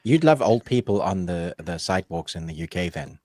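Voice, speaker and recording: A man's voice: low voice, expressive, a little fast, a little mellow, dry recording, clean studio sound. A man co-hosting a movie podcast, chatting casually and laughing often. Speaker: podcast co-host. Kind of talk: casual chat.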